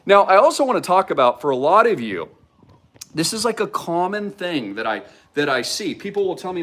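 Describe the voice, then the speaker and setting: A crypto investment channel host, a man with a lively pitch, delivers an energetic hype monologue to camera at a brisk clip. He's excitable and salesy, leaning heavily on "like" and "freaking," and the recording carries a slight hiss or hum.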